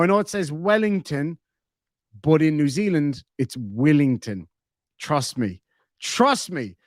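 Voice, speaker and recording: An Irish man in his thirties chats casually on his live stream, cracking jokes as he reads out viewers' comments. His voice sits fairly high and swings around a lot in pitch. The sound is dry and close to the mic. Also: no echo. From Ireland.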